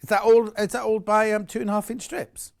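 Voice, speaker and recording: A man's voice: high voice, level tone, fairly quick, creaky, darkish tone. A middle-aged man presenting products live on a home shopping channel, chatty, enthusiastic and jokey about himself.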